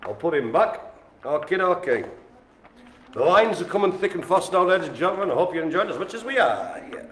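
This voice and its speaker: A man calls out bingo numbers on a live stream and keeps up a stream of jokes. His voice sits fairly high and bounces all over the place. The sound is roomy and echoey. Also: fairly quick. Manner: jokey, animated, chatty with the room. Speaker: bingo caller. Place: indoor care home lounge. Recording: echoey room.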